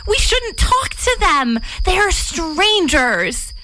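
A woman voicing a young female blue jay who talks in a squeaky, pouty, dismissive way. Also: sing-song, takes it slowly, sharp tone, slight background noise, full character voice, poor audio. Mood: haughty.

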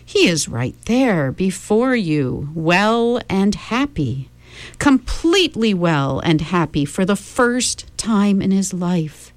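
A woman voicing a menacing man who speaks slowly and condescendingly. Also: mid-range voice, sing-song, no echo, voice pushed up. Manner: slow, condescending, drawn out. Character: smooth, menacing man with red eyes.

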